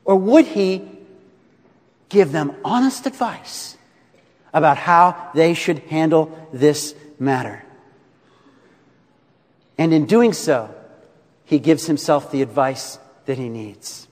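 Expressive pastor preaching in a reverberant hall. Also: male voice, a little high, slow pace, long pauses. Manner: expressive, swinging between rising emphasis and soft drops. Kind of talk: sermon.

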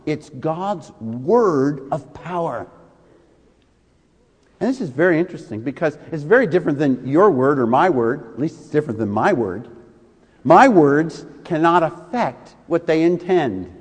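A man's voice: fairly high pitch, lively intonation, measured pace, slightly rough, long reverb tail. A male pastor preaching a sermon, leaning hard on key words and drawing them out for emphasis.

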